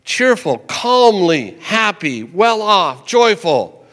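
An older man pastor preaching a sermon in a church, conversational and chatty, slowing down to repeat scripture verses. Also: high voice, sing-song, fairly bright tone. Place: church sanctuary. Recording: long hall reverb.

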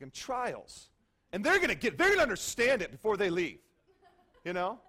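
A male pastor preaching a sermon in a lively, conversational way, often checking in with "okay?". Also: high voice, a little fast.

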